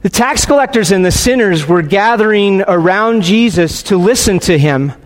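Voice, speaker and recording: High-voiced pastor in a reverberant hall. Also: male voice, lively intonation. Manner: earnest, pausing, with frequent restarts. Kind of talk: sermon with guided prayer and scripture reading.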